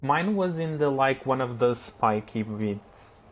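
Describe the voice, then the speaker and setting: A man streaming a game live, chatting to his viewers, reacting loudly and swearing as he plays. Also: mid-range voice, slow pace. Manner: excitable, swears, talks to chat. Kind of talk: live gameplay commentary.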